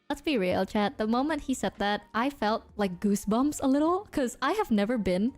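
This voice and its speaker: A woman's voice: fairly high pitch, brisk, hardly any pauses, soft background music. A woman from Indonesia, a streamer, casually telling a story to her chat and acting out the people in it. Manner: animated, acts out quoted people.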